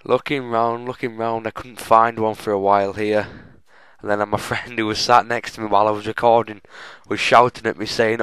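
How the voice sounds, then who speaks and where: A man's voice: on the low side, flat delivery, moderate pace, a bit bright, clear, resonant tone, no room sound, low-quality recording. A young man giving chatty, self-mocking walkthrough commentary on a game, often addressing viewers as folks. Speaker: gaming channel host.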